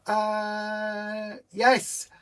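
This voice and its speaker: A woman hosts a relaxed live-stream chat and answers viewers by name. Her delivery is rambling and self-mocking, and she talks at an ordinary middle pitch. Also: extremely slow, smooth. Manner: chatty and rambling, self-mocking about bad puns. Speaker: host of a weight-loss group live stream.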